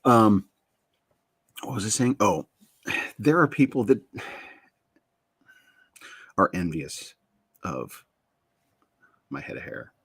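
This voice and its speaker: A man's voice: lowish voice, sing-song, takes it slowly, long pauses, a bit bright, breathy edge, dry recording. A middle-aged man hosting a casual chat show, rambling and interrupting himself, often laughing at himself. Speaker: show host.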